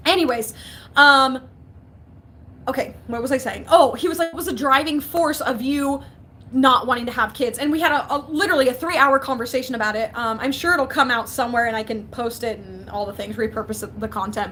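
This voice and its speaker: A woman's voice: a little high, fairly quick, sharp tone, slight background noise. A young woman in casual livestream chat from her basement, chatty and giggly, reading out viewers' comments. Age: young adult. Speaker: vlogger.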